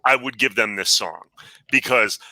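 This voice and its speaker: A man's voice: fairly low pitch, moderate pace, pushed and bright, no echo, low-quality recording. A man co-hosting a casual music chat, talking with enthusiasm as a fan.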